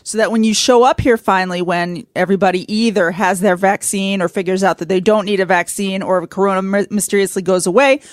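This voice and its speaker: Woman co-host, chatty teacher tone, medium pitch, dry close recording. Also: steady tone, fairly quick, few pauses, dry recording. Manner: teasing, explanatory. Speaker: podcast co-host. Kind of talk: casual chat.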